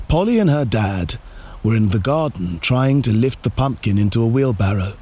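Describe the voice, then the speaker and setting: A man reading a children's story aloud, slow and expressive, drawing out repeated words. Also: medium pitch, slightly rough.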